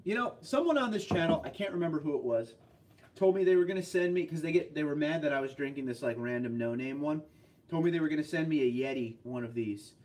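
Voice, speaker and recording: A man hosting a casual livestream, chatting with viewers and telling rambling stories with quick asides. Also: a little high, animated, a little mellow, recorded from a distance. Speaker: livestream host reading viewer chat.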